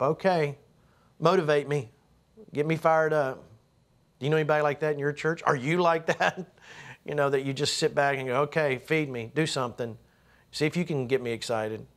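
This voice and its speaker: A middle-aged man preaching to a congregation as a show host, in a folksy, conversational way with emphatic bursts. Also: medium pitch.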